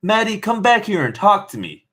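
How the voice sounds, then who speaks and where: A tired, cheerful mother of a teenager, firing off prying questions in a voice pitched well up, as a man reading a novel aloud puts her on. Her lines jump high and lively in this storybook reading. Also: normal speed. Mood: pleading.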